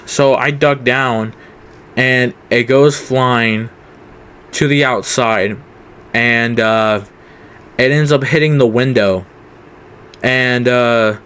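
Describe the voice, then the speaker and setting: A man's voice: medium pitch, a bit bright, clear, resonant tone. A young man telling a casual storytime, rambling with many fillers. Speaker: vlogger.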